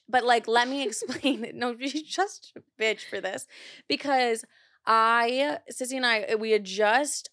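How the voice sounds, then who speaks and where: A woman hosting a podcast in casual chat, talking fast and loose with lots of "like" and swearing, and getting heated as she tells a story. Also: a little high, fairly bright tone, no echo, clean studio sound. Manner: chatty, profane, heavy use of "like"; gets heated while telling a story. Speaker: podcast host.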